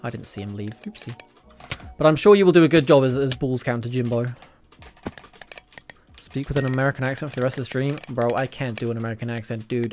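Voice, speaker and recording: A British man streaming a game live, talking in a rambling, sarcastic way with sudden excited outbursts. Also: medium pitch, fast talker, long pauses, faint music behind. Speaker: gaming streamer. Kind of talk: casual live gameplay commentary.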